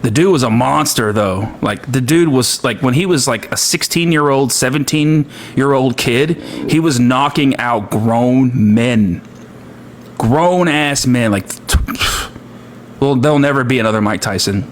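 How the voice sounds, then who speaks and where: A man's voice: mid-range voice, a little slow, a little hiss or hum. A man chatting casually and rambling, with many fillers. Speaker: comedic streamer. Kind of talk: casual chat.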